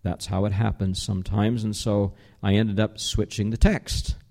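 Man preaching a slow, emphatic sermon. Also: lowish voice, level tone, creaky, warm tone. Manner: slows down to stress key words; conversational, explanatory preaching. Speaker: pastor.

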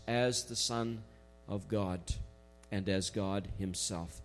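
A man's voice: medium pitch, steady tone, faint music behind. Man preaching a conversational sermon. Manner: conversational preaching with emphatic slowed phrases. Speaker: pastor.

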